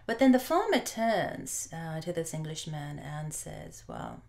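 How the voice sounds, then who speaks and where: A woman preacher telling a folk tale in a sermon, unhurried and often pausing with fillers. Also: low-pitched, big pitch swings, a little mellow. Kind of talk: sermon storytelling.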